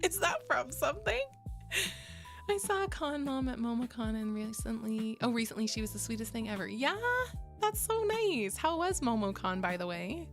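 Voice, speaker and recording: A woman's voice: fairly high pitch, lively intonation, normal speed, faint music behind. A young adult woman streaming and chatting casually with her viewers, bubbly, laughing often and swearing casually. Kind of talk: casual chat with live chat.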